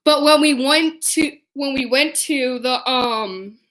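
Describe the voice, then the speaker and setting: High, bright-voiced young woman telling stories. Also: takes it slowly. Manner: animated, giggly, acts out quotes. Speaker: vlogger. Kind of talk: casual storytelling.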